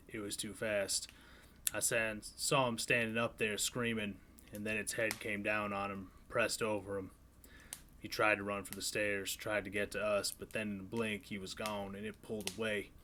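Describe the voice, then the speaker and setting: Man as scared, rough-talking farmer, low and forceful. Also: a little hiss or hum. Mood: frightened. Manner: rough folksy grammar, grim. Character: frightened uneducated male farmer writing diary.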